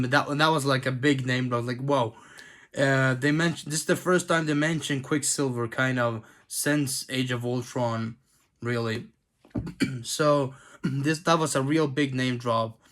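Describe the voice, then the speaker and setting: A man's voice: mid-range voice, steady tone, fairly bright tone. Tired man rambling through a review. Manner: halting, many fillers and restarts, clears throat often. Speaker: TV episode reviewer. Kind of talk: casual spoken review.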